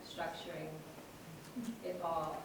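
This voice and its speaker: A woman's voice: deep voice, level tone, slow pace. A woman fervently sharing spiritual insights with a group. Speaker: participant sharing. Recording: echoey room, far from mic, loud noise.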